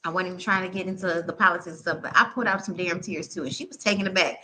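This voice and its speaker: Woman, tarot reader, animated, slangy, bright tone. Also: fairly low pitch, rapid-fire. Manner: animated, laughing, slangy and candid. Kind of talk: live tarot reading and storytelling.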